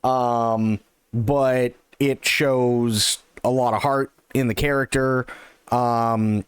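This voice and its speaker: Animated swearing male streamer. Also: medium pitch, clear, resonant tone, no echo. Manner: rambling, animated, swears freely, lots of fillers. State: hyped on caffeine. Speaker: livestream host. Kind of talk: casual streaming chat.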